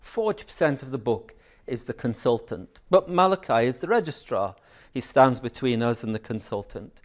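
A man's voice: medium pitch, lively intonation, normal speed. A middle-aged man preaching a sermon in a chatty storytelling way, asking the congregation questions.

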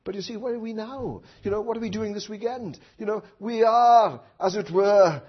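A man preaching a sermon who swings from hushed asides to loud impassioned outcries, with many rhetorical questions to his listeners. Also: sits high, normal speed, husky. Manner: tag questions and rhetorical questions to the congregation. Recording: dull lo-fi recording.

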